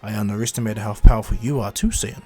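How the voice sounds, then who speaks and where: A stoic warrior with a cold, calm voice, pitched low and kept quiet and measured, as a man performs him in a fan retelling. faint music sits behind. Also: breathy edge. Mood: cool.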